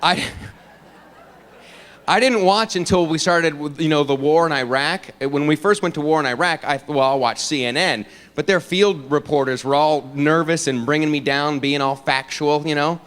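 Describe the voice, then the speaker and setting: A man doing an animated stand-up comedy routine, talking in a fairly high voice. He keeps slipping into quick character voices between his own lines.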